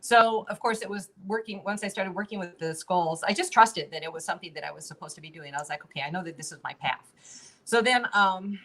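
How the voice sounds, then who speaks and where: A woman's voice: mid-range voice, brisk, hardly any pauses, sharp tone. A middle-aged woman telling a story as an interview guest in a casual, chatty way, with many fillers and restarts and frequent laughs, on a video call.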